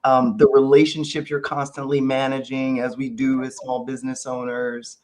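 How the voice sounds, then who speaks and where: A man's voice: medium pitch, little pitch movement, normal speed, darkish tone. Man hosting a leadership podcast. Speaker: podcast host. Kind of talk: conversational interview.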